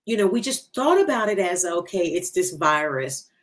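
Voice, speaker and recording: A woman's voice: on the low side, big pitch swings, moderate pace. Woman host, attentive, affirming, conversational. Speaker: interview host. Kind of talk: conversational interview.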